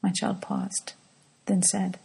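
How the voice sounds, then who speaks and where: Very gravelly, husky woman's hushed telling. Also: medium pitch, monotone, slow, low-quality recording. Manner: soft, hushed, often drops to a whisper. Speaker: mother telling a personal devotional story. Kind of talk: reflective devotional storytelling.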